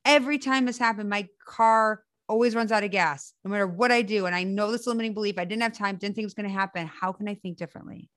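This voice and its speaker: A woman's voice: mid-range voice, quick pace, hardly any pauses, a bit bright, dry recording. Earnest woman in a dry, close recording. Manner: earnest, reassuring, speaks from experience. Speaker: spiritual coach. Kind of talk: conversational teaching.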